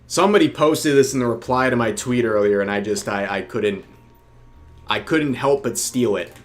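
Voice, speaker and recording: A man's voice: medium pitch, normal speed, soft background music. A young man in casual livestream chat, reading viewer donation messages aloud, often repeating his phrases. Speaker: streamer reading super chats.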